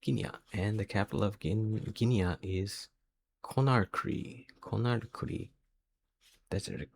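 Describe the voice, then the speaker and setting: Low, gravelly-voiced man musing over a quiz. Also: steady tone, moderate pace, mellow, slight background noise. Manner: hesitant, muttering guesses to himself. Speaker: quiz video host. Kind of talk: thinking aloud while solving a quiz.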